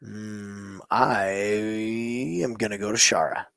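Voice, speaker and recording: A man co-hosting a sports betting show, chatting about fights in a relaxed, easygoing way. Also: fairly low pitch, takes it slowly, vocal fry, no room sound. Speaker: betting podcast co-host. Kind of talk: casual sports betting chat.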